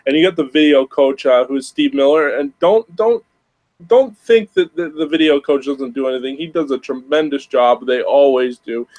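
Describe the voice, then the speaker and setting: A man's voice: mid-range voice, normal speed, few pauses, darkish tone, low-quality recording. A man hosting a sports podcast, talking emphatically and repeating words for stress. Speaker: podcast host. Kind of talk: casual sports podcast talk.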